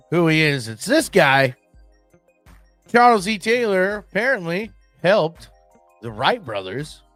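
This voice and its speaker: A man hosting a solo podcast in casual, excitable chat, swearing and using slang. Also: on the high side. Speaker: podcast host. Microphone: desk mic, screen-sharing.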